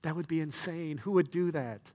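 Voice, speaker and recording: A male pastor preaching a sermon, telling a story with swings between soft, quiet lines and loud, excited ones. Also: fairly high pitch, normal speed, long reverb tail.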